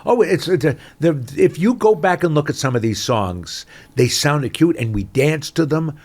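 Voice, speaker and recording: A man, a guest actor telling stories in an animated interview chat, swinging between loud bursts and mutters. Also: fairly high pitch, moderate pace.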